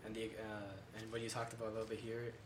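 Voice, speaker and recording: Male podcast host, quick and curious, roomy sound. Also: fairly low pitch, completely flat delivery. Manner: upbeat, quick, interested questioner. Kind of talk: casual podcast interview. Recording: echoey room, faint noise.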